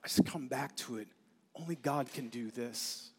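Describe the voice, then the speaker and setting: Male pastor, earnest conversational sermon, mid-pitched, long hall reverb. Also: moderate pace, husky. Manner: conversational, earnest, animated asides. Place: church sanctuary.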